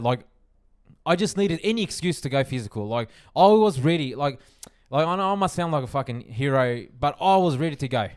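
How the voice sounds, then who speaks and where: Animated, swearing young man. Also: a little high, smooth. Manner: animated, swearing, laughing often. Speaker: podcast host telling a story. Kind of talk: casual chat.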